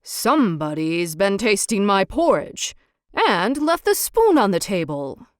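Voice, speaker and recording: A woman voicing a big, gruff male father bear in a storybook reading, with a growling voice. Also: mid-range voice, sing-song, unhurried, dry recording, clean studio sound.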